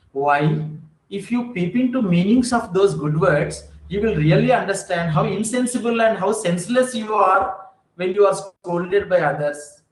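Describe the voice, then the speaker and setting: Man, higher voice, conference lecturer, emphatic and rhetorical, echoey hall sound. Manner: emphatic, rhetorical, addresses audience directly. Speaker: conference speaker. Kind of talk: academic lecture.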